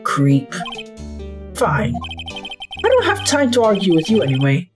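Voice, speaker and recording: A woman's voice: fairly low pitch, huge pitch swings, unhurried, music in the background. A woman reading the lines of an earnest, exasperated young male defense lawyer in a game, in a near-natural voice. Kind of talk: game dialogue read aloud.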